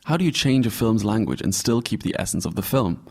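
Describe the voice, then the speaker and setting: Man with a measured reporter voice-over. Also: lowish voice, expressive, vocal fry, darkish tone, slightly rough. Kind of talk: scripted narration and interview.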